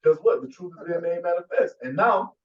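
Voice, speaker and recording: A man's voice: high-pitched, animated, fairly quick. Echoey, distant male preacher, emphatic. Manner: forceful, repeats "man" and "you see". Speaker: teacher. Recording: echoey, distant, dull sound.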